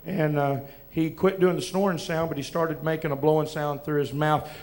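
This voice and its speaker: A man with a Southern US accent, preaching as he tells a halting, emotional testimony with many restarts. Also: on the high side, steady tone, darkish tone. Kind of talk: testimony from the pulpit.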